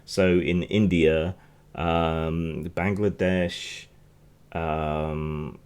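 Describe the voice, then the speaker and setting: Deep-voiced man, chatty commentary. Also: level tone, extremely slow, darkish tone, smooth. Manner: rambling, chatty, frequent restarts and asides. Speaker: podcast host. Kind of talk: casual news commentary.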